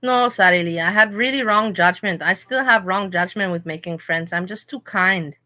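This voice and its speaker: A woman's voice: medium pitch, moderate pace, pushed and bright. A woman hosting a livestream, talking in a candid, rambling, emotional way. She tells personal stories in a casual chat. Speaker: livestream host.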